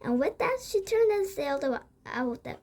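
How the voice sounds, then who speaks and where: A woman reading a storybook aloud, halting now and then to restart a word. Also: high voice, sing-song, darkish tone.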